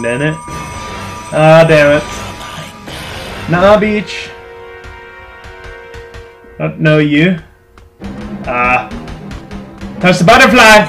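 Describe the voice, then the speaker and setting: A young man commenting on a video game he is playing, swearing and yelling at it in an irritable mood. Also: a little high. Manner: excitable, swearing, shouting at the game. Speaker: gaming channel host. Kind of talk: casual let's-play commentary.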